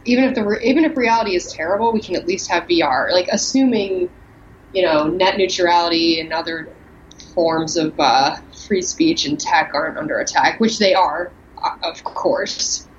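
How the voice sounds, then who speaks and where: A woman with a fairly low voice chats as a guest over an internet call, telling things in a lively, talkative way. The line is muffled and lo-fi, with a faint hiss behind her. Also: moderate pace. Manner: animated, talkative storytelling.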